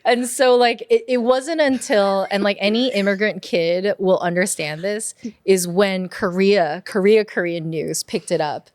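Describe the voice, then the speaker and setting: A woman, a puppeteer and podcast guest from the United States, tells family stories in a casual, animated way, laughing often and using lots of "like". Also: mid-range voice, unhurried, dry recording. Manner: animated, laughs often, mimics her parents' voices; heavy use of "like" as filler. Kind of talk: casual conversational storytelling.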